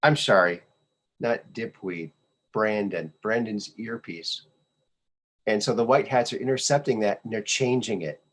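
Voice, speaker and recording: A man's voice: fairly low pitch, a little slow. A male podcast host giving casual commentary on memes, sarcastic and scoffing, often repeating his phrases.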